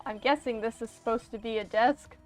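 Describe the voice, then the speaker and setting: A woman streamer chatting casually and offhandedly as she plays through a game. Her voice sits fairly high, with faint game music behind it. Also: fairly even intonation, brisk, darkish tone. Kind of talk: casual let's-play commentary.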